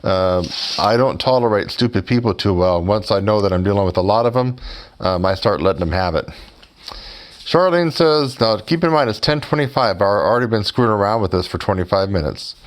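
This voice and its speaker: A man's voice: lowish voice, expressive, a little fast. A man telling a story to his viewers in a sarcastic, mocking way and speaking directly to them as folks. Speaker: YouTuber.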